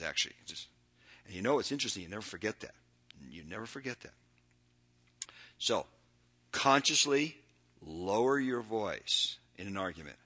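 With a fairly low-pitched voice, an older preacher delivers a sermon, earnestly reading verses. His delivery swings from loud, emphatic bursts to soft, lingering phrases.

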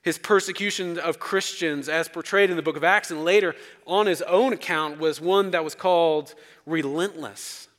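Male pastor, slightly high voice, emphatic sermon delivery, long church reverb. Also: normal speed. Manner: emphatic, dramatic swings in loudness. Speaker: preacher. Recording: long reverb of a large hall.

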